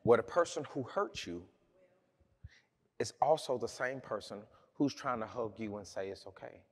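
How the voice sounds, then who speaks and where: A man delivers a sermon built around a personal story. He talks in a loose, chatty way and often stops to restart a sentence. His speaking voice sits at an ordinary male pitch. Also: lively intonation, moderate pace, slightly rough. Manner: conversational, humorous storytelling with many restarts. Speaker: preacher.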